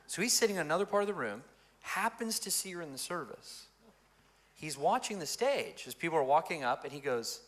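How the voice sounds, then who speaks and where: Bright, animated male pastor. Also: a little high, fairly quick. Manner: animated, expressive storyteller. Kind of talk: storytelling in an interview.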